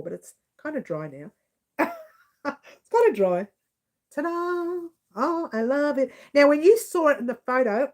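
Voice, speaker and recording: A chatty Australian woman on a live stream, her voice sitting a touch high. She talks loosely and giggles as she answers viewer comments. Her delivery is casual and unscripted.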